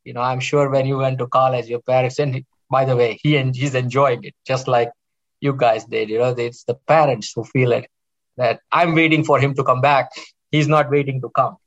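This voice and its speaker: A man's voice: mid-range voice, fairly even intonation, moderate pace, dull audio. A middle-aged man, a cardiologist guest, chatting casually and telling rambling stories with many restarts. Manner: rambling, warm storytelling with restarts. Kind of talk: casual interview chat.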